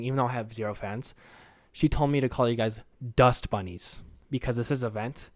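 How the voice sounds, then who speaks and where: Brief: young male solo podcaster, dry close sound, mid-pitched, crude and rambling. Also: moderate pace, no echo. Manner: rambling, crude, self-deprecating, jokey. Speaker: podcast host.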